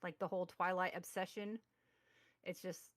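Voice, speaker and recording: Heard through a remote call mic with no room sound, a woman in her forties co-hosts a casual podcast at a moderate pace. Her fairly low voice has little pitch movement as she reads articles and rambles with many fillers and restarts.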